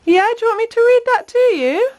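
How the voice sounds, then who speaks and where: A woman's voice: extremely high pitch, animated, fast talker, a little mellow. A young mother filming a casual home vlog, chatting to camera and coaxing her toddler in a sing-song voice. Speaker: vlogger and mum.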